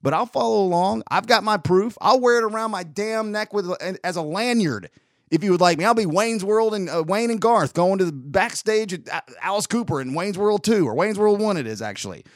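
A man's voice: sits high, expressive, a little fast, no room sound. Rambling opinionated man, dry close sound. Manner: rambling, opinionated, with frequent restarts. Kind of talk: casual monologue.

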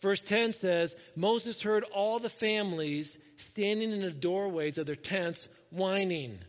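A man's voice: sits high, slow pace, big-room sound, muffled recording. A male pastor preaching a conversational sermon, acting out the voices of the people he quotes.

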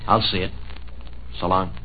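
An actor playing a menacing male hoodlum in a 1940s radio drama, blunt, clipped and low. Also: level tone, measured pace, background noise. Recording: tinny 1940s radio broadcast.

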